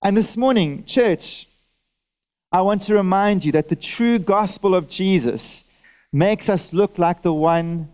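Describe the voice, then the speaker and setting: High-voiced preacher firing rhetorical questions. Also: male voice. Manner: animated, fires off rhetorical questions at the congregation; talks directly to listeners, asks for nods and amens. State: wearing a face mask. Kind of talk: sermon. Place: church service.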